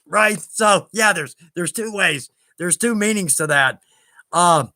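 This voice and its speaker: A man's voice: sits high, lively intonation, unhurried, pushed and bright, dry recording. A man with a Southern US accent hosting a live stream, chatting casually and rambling a little as he answers viewer questions with self-deprecating asides.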